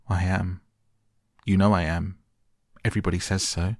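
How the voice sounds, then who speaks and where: A man's voice: low voice, little pitch movement, moderate pace, no room sound, clean studio sound. A man voicing a spoiled, sickly young boy who whines and sneers. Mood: petulant. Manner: whiny, sneering.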